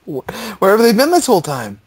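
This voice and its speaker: A man's voice: sits high, wildly swooping pitch, a little fast. A man co-hosting a podcast, casually chatting and asking amused follow-up questions. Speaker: podcast co-host. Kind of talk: casual chat.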